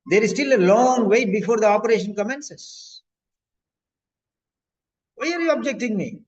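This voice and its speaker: Guy putting on a cranky starving patient voice, squeaky high and whiny, muffled audio. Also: lively intonation, moderate pace. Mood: indignant pleading. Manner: whiny, indignant pleading. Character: angry hungry adult male patient, demanding. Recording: dull lo-fi audio.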